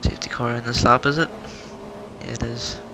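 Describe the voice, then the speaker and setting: A man chats his way through a sim race broadcast, thinking out loud about strategy. His voice stays level with little rise and fall. Racing engine noise runs clearly behind him. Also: mid-range voice, brisk. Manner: chatty, wondering aloud, flat delivery. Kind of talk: casual race commentary. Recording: noisy game audio behind. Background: racing car engine noise.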